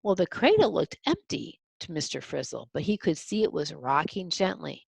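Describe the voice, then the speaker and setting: A woman reads a children's picture book aloud and stops to talk through each picture. Her low voice is husky with a gravelly edge and moves up and down a lot. The sound is dry and close. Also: big pitch swings, normal speed, hardly any pauses, a little mellow, no room sound. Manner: explains the pictures to young listeners. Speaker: storybook reader.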